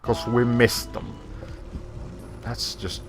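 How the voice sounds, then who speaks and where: A man's voice: mid-range voice, fairly even intonation, extremely slow, faint music behind. A man streaming a video game, giving casual, rambling commentary as he plays, laughing often and correcting himself.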